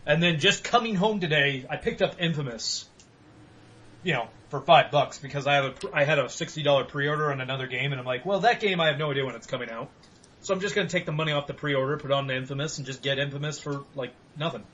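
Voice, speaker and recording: A man's voice: a little high, fast talker, pushed and bright, dull audio, slight background noise. A young man hosting a podcast, telling rambling, profane stories in casual chat with bursts of laughter. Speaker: podcast host.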